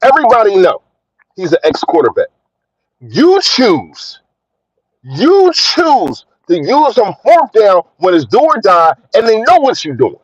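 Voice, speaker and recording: Philly guy ranting live, high voice that jumps all over, kinda dull lo-fi sound. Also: huge pitch swings, unhurried, slightly rough. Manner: heated, emphatic, repeats himself. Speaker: fan channel host. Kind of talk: ranting livestream.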